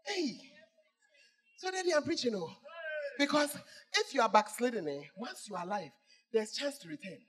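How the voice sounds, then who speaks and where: A male pastor preaching a sermon, swinging between shouts and hushed asides as he teases the congregation. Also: extremely high pitch, sing-song, normal speed, long pauses, slightly rough.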